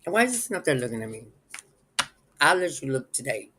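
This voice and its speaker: A man's voice: mid-range voice, sing-song, fast talker, noisy background. A man hosting a casual live stream, rambling and chuckling as he talks straight to his viewers.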